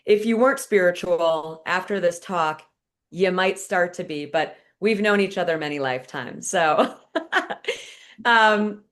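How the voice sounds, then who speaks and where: A woman's voice: fairly low pitch, fairly bright tone. A woman author opening and hosting a virtual fireside chat over a video call, chatty and enthusiastic. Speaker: author and host.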